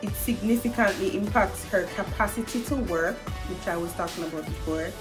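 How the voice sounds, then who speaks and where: A woman's voice: medium pitch, brisk, over music. A young woman with a Jamaican accent hosting a casual chat over a meal, chatty and agreeable with patois phrases. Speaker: host.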